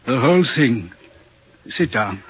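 An actor playing an uneasy railway signalman in vintage radio drama, talking in an earnest, troubled, deliberate way with a husky voice. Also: mid-range voice, big pitch swings, a bit bright, full character voice. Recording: muffled old radio recording.

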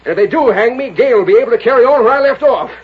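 A man's voice: very high voice, lively intonation, rapid-fire, breathy edge, heavily acted. A hot-tempered old frontiersman. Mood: furious. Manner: blustering, rustic drawl. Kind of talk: 1930s radio drama acting. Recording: dull lo-fi old radio broadcast.

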